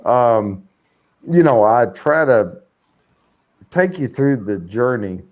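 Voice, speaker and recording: A man hosting a live stream, chatting casually and loosely with plenty of fillers. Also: mid-range voice. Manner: slow, relaxed talk with many fillers. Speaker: livestream host.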